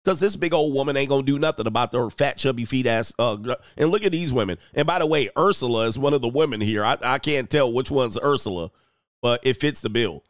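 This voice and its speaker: A man's voice: mid-range voice, animated, fast, dry recording, studio quality. A man hosting a reaction commentary channel, blunt and mocking, repeating phrases for emphasis. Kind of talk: reaction commentary on a video clip.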